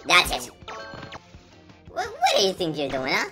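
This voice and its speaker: A woman's voice: on the low side, huge pitch swings, measured pace, pauses often, sharp tone. A woman giving playful let's-play commentary, chatty and teasing as she talks to the characters on screen. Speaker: gameplay commentator. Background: game music.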